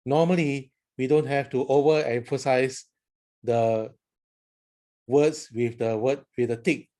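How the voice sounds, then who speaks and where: A man who is a priest, explaining how to chant psalms in a slow, careful teaching style. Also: medium pitch, steady tone, dark tone. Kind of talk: instructional talk with sung chant examples.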